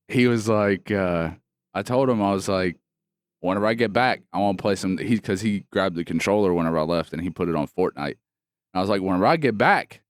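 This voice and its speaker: A man's voice: on the low side, no echo, clean studio sound. A man, co-hosting a podcast in casual chat and telling stories full of swearing and laughter. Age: 30s. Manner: profane, laughing storyteller. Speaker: podcast co-host.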